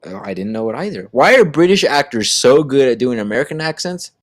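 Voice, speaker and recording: A man's voice: medium pitch, animated, fairly quick, no room sound. A man co-hosting a casual podcast, rambling along with lots of fillers and restarts. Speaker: podcast co-host. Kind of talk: casual chat.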